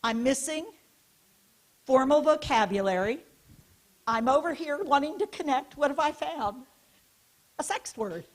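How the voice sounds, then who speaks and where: High-pitched woman giving a keynote, bossy-fun, keeps telling the crowd do this, quizzes them. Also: a little slow, pauses often. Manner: animated, directive, asks the audience questions and leads hand gestures. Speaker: keynote speaker. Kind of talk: interactive conference lecture. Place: conference hall stage.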